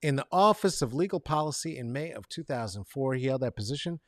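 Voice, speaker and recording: A man hosting a comedic commentary show, rambling and sarcastic, swinging between mumbled asides and loud outbursts and talking to viewers by name. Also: medium pitch, lively intonation, fast, no room sound, studio quality. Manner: talks to chat viewers by name. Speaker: show host.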